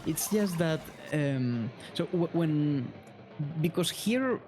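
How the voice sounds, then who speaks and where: A man's voice: fairly high pitch, expressive, takes it slowly, a little mellow, faint music behind. Hesitant European man. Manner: hesitant, restarts words, curious questions. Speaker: co-streamer. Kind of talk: casual chat while gaming.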